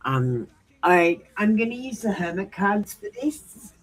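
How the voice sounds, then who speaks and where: A woman's voice: mid-range voice, very animated, unhurried, low-quality recording. A woman hosting a live tarot stream, chatting casually and bluntly with viewers as she manages the chat queue, then reassuring them when they feel ignored.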